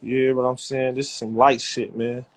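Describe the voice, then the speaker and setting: A man who runs a rap label, talking loud and profane in repetitive hype bursts while he pushes a cash giveaway on a livestream. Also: mid-range voice, level tone, normal speed. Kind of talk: hyped social media livestream.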